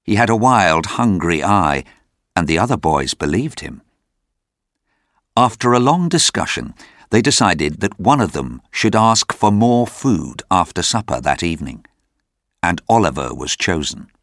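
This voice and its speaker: Deep-voiced man reading a story aloud. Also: unhurried, dry recording, clean studio sound. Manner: lively, expressive storytelling. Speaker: narrator.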